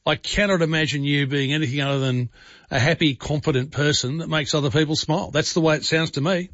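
A man's voice: a little high, quick pace, dry recording, highs cut off. A man hosting a talkback radio show, chatting easily with callers and using lots of fillers. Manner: chatty, warm asides, frequent fillers.

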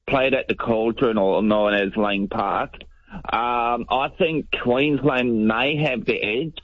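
Male caller, blocked nose from a cold, lowish voice, dry dull radio sound. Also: dry recording. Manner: casual, many ums.

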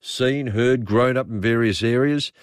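A man with an Australian accent hosting talkback radio, chatting in a rambling, relaxed way and reading listener messages aloud. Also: medium pitch, measured pace, clear, resonant tone, no room sound, studio quality. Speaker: radio host. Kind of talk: casual talkback radio chat.

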